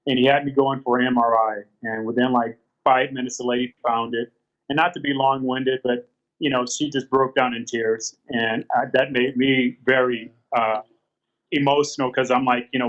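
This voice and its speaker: A man in his fifties tells his own story as an interview guest. He talks haltingly and circles back with fillers and restarts. The sound is dull and lo-fi. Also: mid-range voice, flat delivery, a bit bright. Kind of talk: candid storytelling.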